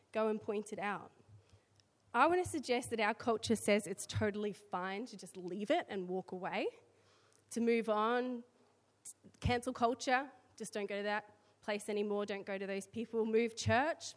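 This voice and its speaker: A woman with an Australian accent giving a conversational sermon, reading scripture with chatty asides. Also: mid-range voice. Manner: chatty asides, filler words between readings. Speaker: church speaker. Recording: long hall reverb.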